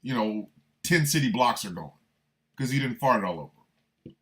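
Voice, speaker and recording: A man hosting a livestreamed radio talk show, riffing in a loose comic way and shouting out listeners by city. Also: medium pitch, lively intonation, moderate pace. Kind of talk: livestreamed political comedy talk.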